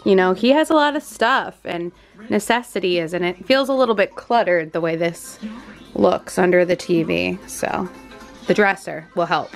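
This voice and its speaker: A woman filming a casual home vlog in her family kitchen, playful and chatty, dropping into silly voices now and then. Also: medium pitch. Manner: playful, slips into silly voices and put-on accents. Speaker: vlogger.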